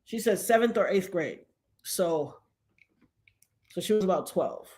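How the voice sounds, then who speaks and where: A woman in her forties, vlogging at home and telling a personal story with big emotional swings, from hushed to excited shouting. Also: fairly low pitch, a little slow.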